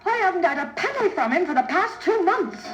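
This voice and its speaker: A woman's voice: extremely high pitch, very animated. An actress playing an anxious, practical innkeeper mother on a vintage children's story record. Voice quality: worried, brisk. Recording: echoey vintage vinyl with music behind.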